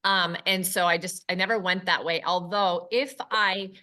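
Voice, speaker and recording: A woman's voice: fairly low pitch, steady tone, moderate pace, sharp tone. A woman sharing her experience as a real estate agent in a chatty, rambling way on a video call. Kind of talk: casual chat.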